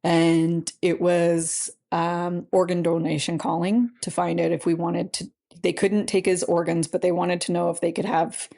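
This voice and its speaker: A middle-aged woman, a podcast guest telling a personal story in a halting, earnest way full of "you know" fillers. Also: lowish voice, flat delivery, creaky, dark tone. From Canada.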